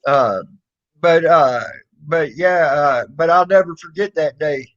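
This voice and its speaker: A man's voice: fairly high pitch, takes it slowly. A man casually telling a childhood story, rambling and swearing, full of fillers and restarts. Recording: dull lo-fi recording.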